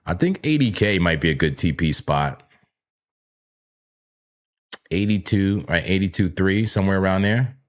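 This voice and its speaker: A man hosting a live crypto trading stream from a home trading room full of screens, jokey and animated, talking to himself as he works. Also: sits low, a little fast. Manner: animated, jokey, talks to himself and yells playfully. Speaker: crypto trading livestream host. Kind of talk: live chart analysis chat.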